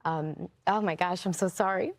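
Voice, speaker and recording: A woman's voice: fairly low pitch, normal speed, no room sound. Choked-up woman news anchor. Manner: choked up, apologetic. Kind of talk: news presenting.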